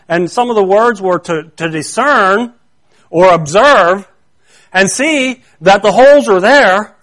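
A man's voice: sits high, slow pace, fairly bright tone. A man preaching a sermon, explaining a Bible word in an earnest way that grows more intense when he stresses a point.

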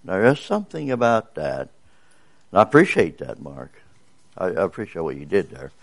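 An older man with a bass voice gives a sermon. His pitch sits low, and he talks in a folksy, rambling way with frequent fillers. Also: very animated, normal speed, creaky. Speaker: visiting preacher.

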